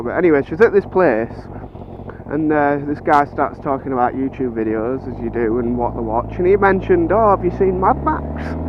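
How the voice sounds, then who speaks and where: A young man chatting excitedly and swearing a lot as he tells funny stories and jokes to the camera. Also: mid-range voice, highs cut off, noisy background. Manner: excitable and sweary, laughs often. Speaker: motovlogger. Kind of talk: casual chat.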